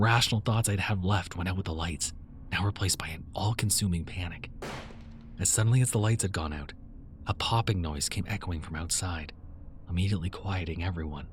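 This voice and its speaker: A man narrating a first-person horror story in a tense, measured way. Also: sits low, slight background noise.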